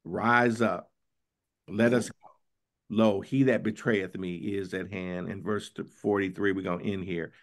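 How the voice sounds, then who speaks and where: A bishop preaching a Bible study sermon in a conversational, questioning way, often asking "right?" and reading scripture slowly. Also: male voice, low voice, steady tone. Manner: conversational, questioning, tag "right?" after points; reads scripture slowly and drawn out.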